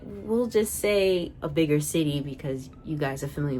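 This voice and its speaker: A young adult woman chatting casually as a video reviewer, animated and sassy in her asides. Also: lowish voice, normal speed, slight background noise.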